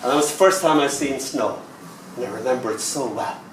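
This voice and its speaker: An older Irish man performing stories and poems live, animated and quick to slip into other voices with sudden leaps in pitch. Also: slight background noise. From Ireland. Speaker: poet and storyteller. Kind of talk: live storytelling and poetry performance. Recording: roomy sound from a distant mic, faint ambience.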